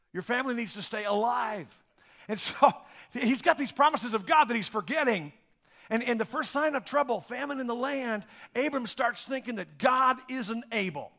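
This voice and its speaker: A male pastor preaching a sermon to his congregation, swinging from loud exclamations to hushed, low asides.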